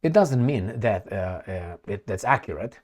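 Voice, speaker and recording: A man delivers a loose, rambling monologue about current events, full of "uh"s and restarts. He's sarcastic, mocking the people he quotes, and his voice rises and falls in a lively, animated way. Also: on the low side, moderate pace. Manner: sarcastic, acts out quoted politicians in mocking voices, many fillers. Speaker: political commentary vlogger. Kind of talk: casual opinion monologue.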